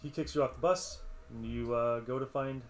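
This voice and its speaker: A man's voice: medium pitch, moderate pace. A man narrates a tabletop game as game master, his voice sitting in an ordinary middle register. He hesitates often, filling gaps with ums and uhs. A faint hiss of background noise runs underneath. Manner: casual, hesitant, many fillers.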